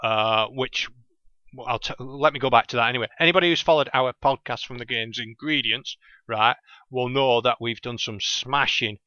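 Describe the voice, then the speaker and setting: A man's voice: mid-range voice, normal speed, sharp tone, dry recording, muffled recording. A man with a thick Lancashire accent hosting a gaming podcast alone, chatting casually and often losing his train of thought. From England. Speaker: podcast host. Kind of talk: casual rambling monologue.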